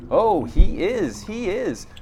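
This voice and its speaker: A man voicing a shrill, high-pitched old spider who teaches young spiders and tries to sound solemn but rambles. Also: very animated, unhurried, background noise. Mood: mock-solemn. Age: older. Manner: solemn then babbling.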